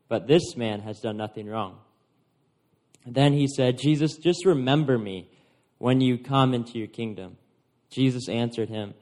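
A man's voice: mid-range voice, a little mellow. A man preaching a sermon to a congregation, reading scripture and retelling it in conversational everyday words.

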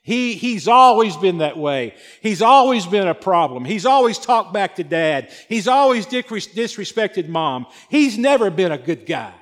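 Resentful grown man, complaining rant, raised voice, somewhat high, acted by a male preacher. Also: very animated, unhurried, hardly any pauses, a bit bright, exaggerated voice. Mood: indignant. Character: resentful bitter older brother, grown man.

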